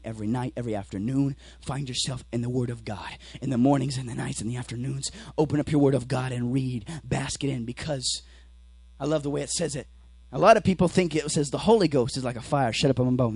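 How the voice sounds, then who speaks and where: A teenage boy preaching a sermon, swinging between shouted exhortation and quiet low explanation, acting out little scenes. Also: breathy edge, no echo, low-quality recording. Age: teens. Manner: acts out dialogue with the devil and watchmen.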